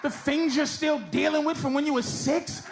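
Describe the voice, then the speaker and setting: A man's voice: very high voice, fairly even intonation, normal speed, gravelly, music in the background. A man doing stand-up in a comedy club, brashly mocking audience members with profane crowd work. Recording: loud crowd laughter, club noise.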